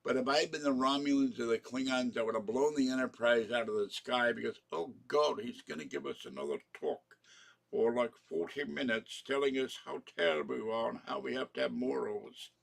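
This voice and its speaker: A man's voice: mid-range voice, fairly quick, vocal fry. An older man hosting a live stream, rambling through strong opinions in a grumbling, casual way. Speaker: channel host.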